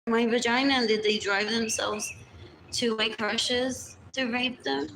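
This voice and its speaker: A woman's voice: fairly high pitch, fairly even intonation, measured pace, noisy background. A woman streaming live, rambling and repeating phrases over and over. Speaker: livestreamer. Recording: roomy echo with loud birdsong.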